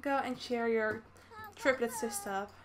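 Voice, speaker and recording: With crowd noise behind her, a Dutch woman narrates her own moves in a life-sim game, keeping up casual, chatty commentary for her gaming channel. Her voice is a little high and steady, and she doesn't hurry.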